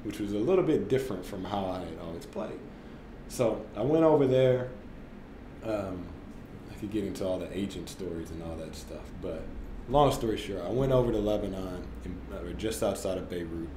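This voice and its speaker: A man in his thirties, a podcast guest and former basketball player, telling stories in a casual, animated way with lots of fillers and laughter. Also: low-pitched, moderate pace, background noise. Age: 30s. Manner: animated, laughing, filler-heavy with frequent "like" and "right?". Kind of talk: casual storytelling in conversation. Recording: roomy echo.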